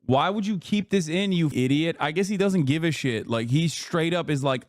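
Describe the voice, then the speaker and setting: A man's voice: fairly high pitch, moderate pace, hardly any pauses, no room sound, clean studio sound. A man streamer giving profane, sarcastic commentary on a video. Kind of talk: casual live-stream commentary.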